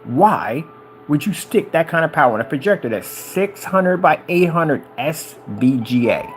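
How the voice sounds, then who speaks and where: A man talking casually and excitedly about projectors, rambling and wandering off topic. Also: on the high side, unhurried, faint music behind. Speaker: business owner reviewing projectors.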